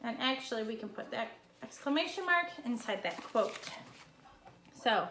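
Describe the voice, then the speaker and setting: A young woman teacher records a casual lesson at home and walks her students through each step in a chatty, friendly way. Her voice sits high and sounds bright and clear. A faint hiss of background noise runs under the recording. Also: lively intonation, moderate pace.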